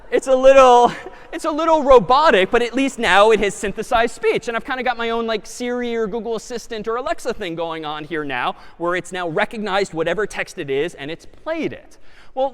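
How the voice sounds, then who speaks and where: Male lecturer, animated delivery, high pitched, reverberant lecture hall recording. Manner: lively and animated, thinking aloud. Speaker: computer science lecturer. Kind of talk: live lecture with demo.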